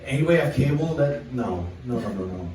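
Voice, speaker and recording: A young man works through a loose, crude stand-up set on a small club stage, rambling and reading his jokes off a list. His voice sits at an ordinary middle pitch. The recording is very echoey and taken from across the room, with a faint hum of ambience behind him. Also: animated, brisk, a little mellow, recorded from a distance. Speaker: stand-up comedian. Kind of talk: stand-up set at an open mic.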